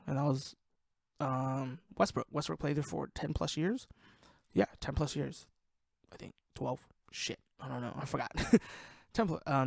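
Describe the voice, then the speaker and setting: A man's voice: mid-range voice, gravelly, no echo, studio quality. A man hosting a casual sports podcast, ranting in a heated, profane way, worked up and sweating. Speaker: podcast host.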